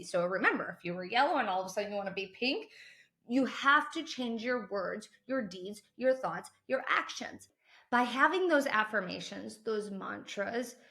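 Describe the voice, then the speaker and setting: A woman's voice: a little high, a bit bright. A woman coaching viewers on manifesting in a motivational teaching talk, emphatic and repeating phrases for stress.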